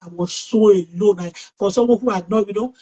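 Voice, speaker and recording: A middle-aged woman hosts an online talk over a video call. She tells a personal story in a lively, outgoing way, often restarting her sentences. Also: medium pitch, a little fast, muffled recording. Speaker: host.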